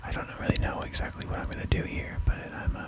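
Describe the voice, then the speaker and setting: A man's voice: quick pace, low-quality recording. A man doing a whispered ASMR segment, rambling and self-mocking. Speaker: podcast co-host.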